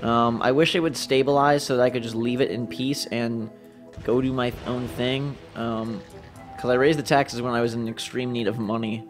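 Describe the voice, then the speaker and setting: A man's voice: medium pitch, steady tone, moderate pace, faint music behind. A man casually thinking aloud while commenting on a city-building game, unsure of himself and talking to his viewers. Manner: rambling, thinking aloud, self-doubting; talks to the viewers. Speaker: let's play commentator.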